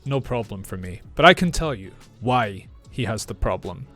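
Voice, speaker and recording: A man with a northeast Scottish accent, an English teacher reacting to accent clips, speaking clearly and patiently. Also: lowish voice, expressive, normal speed, fairly bright tone, faint music behind. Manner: clear, patient, repeats phrases. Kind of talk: reaction video, explaining accents.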